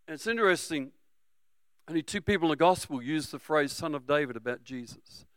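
A middle-aged Australian man preaching a sermon, energetic and humorous, sometimes breaking into shouts. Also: fairly high pitch, quick pace, clear, resonant tone, no echo. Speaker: pastor.

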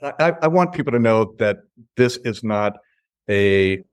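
A relaxed, low-pitched man talks about his art gallery in an easygoing, storytelling way, laughing now and then as he goes. He is on a video call, and his voice sounds dry and close, with no room around it. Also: measured pace, clear, resonant tone, dry recording. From Chicago. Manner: laid-back, chuckling storyteller. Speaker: artist and gallery owner. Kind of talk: casual interview chat.

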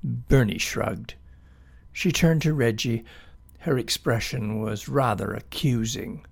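A man reading a children's animal story aloud in an expressive, unhurried way. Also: medium pitch, creaky, breathy edge.

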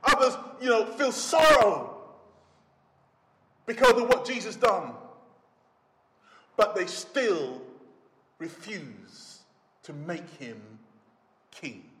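A man preaching a sermon in a church, dramatic, swinging between shouts and hushed low phrases. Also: lively intonation, extremely slow, long pauses, slight background noise. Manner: dramatic, rising to shouts and dropping to near whispers. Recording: echoey church hall.

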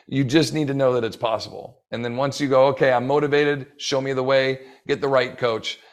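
A man's voice: mid-range voice, steady tone, a little fast. A man in his forties, a fitness coach for older adults, talking enthusiastically as a podcast guest and acting out bits of dialogue. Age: 40s. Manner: enthusiastic, rambling, acts out quoted dialogue.

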